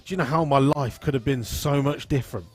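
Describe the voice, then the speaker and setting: A man, hosting a live stream in an easygoing, rambling way and reading out viewer comments and shout-outs. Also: mid-range voice, fairly quick. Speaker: live-stream host at a drag racing venue.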